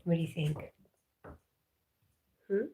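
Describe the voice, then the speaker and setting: A woman hosting a casual livestream, reading viewer comments aloud, talking to her dog and often dropping to a soft whisper. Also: low voice, slow, a little hiss or hum. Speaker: livestream host.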